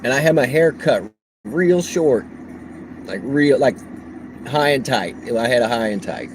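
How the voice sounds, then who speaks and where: A man livestreaming on the road as a delivery driver, telling a story in a casual, animated way and laughing often. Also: medium pitch, measured pace, a little hiss or hum, poor audio.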